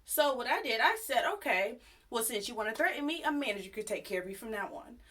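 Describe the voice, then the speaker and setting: A woman's voice: a little high, quick pace. Sassy, chatty young woman telling a story. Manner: chatty, animated, sassy retelling with acted quotes. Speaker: YouTube storyteller. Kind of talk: casual storytime vlog.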